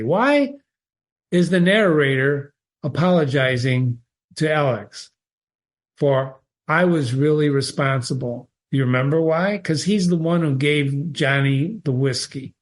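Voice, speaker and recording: A man's voice: on the high side, measured pace. A man reading passages from a short story aloud and analyzing them, stopping often to put rhetorical questions to his listeners. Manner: animated, questioning, stops to quote the text and ask rhetorical questions. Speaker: literature teacher.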